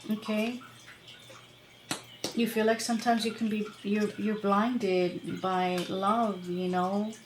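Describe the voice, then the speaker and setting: A woman's voice: medium pitch, flat delivery, takes it slowly, roomy sound, noisy background. A woman tarot reader talking casually to her viewers, rambling and chatty, with many fillers and laughs. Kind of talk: casual tarot reading to camera.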